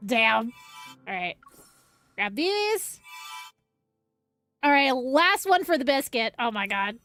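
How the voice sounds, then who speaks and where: A young woman streamer reacting out loud as she pulls on a game banner, groaning and cheering at the results. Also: high-pitched, very animated, slow, soft background music. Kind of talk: live gacha game stream.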